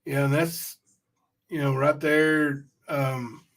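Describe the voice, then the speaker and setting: A man's voice: on the high side, level tone, takes it slowly, fairly bright tone. A man hosting a casual livestream, chatting loosely and reading out viewer comments. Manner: chatty, rambling, addresses chat directly. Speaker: livestream host.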